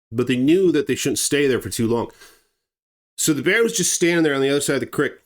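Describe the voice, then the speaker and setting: A man telling a true wildlife attack story in a blunt, emphatic, conversational way. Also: medium pitch. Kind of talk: dramatic true-story narration.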